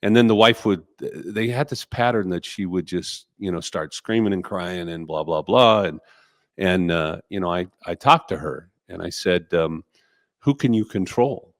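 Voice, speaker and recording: Male co-host, very low voice, thoughtful coaching tone, dry close mic. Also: normal speed, dry recording. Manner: reflective, many fillers and restarts. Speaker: podcast co-host and business coach. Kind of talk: casual advice chat.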